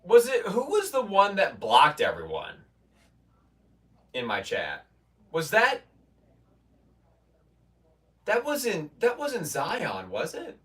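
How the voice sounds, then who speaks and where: Guy streaming a lift session, chatting with chat, lively up-and-down voice, kinda far from the mic. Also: high voice, slow, long pauses. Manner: rambling, restarts, mock-quotes chatters. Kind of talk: casual chat with stream viewers. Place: home gym in a basement.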